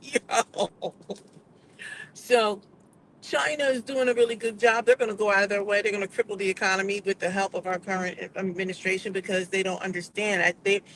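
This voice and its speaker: Woman from the US, casual vlog commentary, chatty and digressive, faint vehicle rumble behind. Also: flat delivery, brisk, fairly bright tone, low-quality recording. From United States. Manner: chatty, digressive, acts out quoted voices. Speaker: vlogger.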